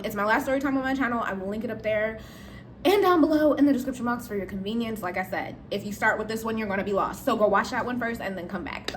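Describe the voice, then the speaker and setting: A woman's voice: on the high side, fairly bright tone, a little hiss or hum. A woman casually telling a storytime to her channel's viewers, chatty and addressing them directly. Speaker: storytime vlogger.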